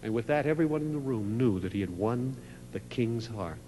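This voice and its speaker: A man preaching a sermon, telling a story in a dramatic way that swells from a hush to a loud climax. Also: medium pitch, animated, normal speed. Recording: reverberant hall with faint mains hum.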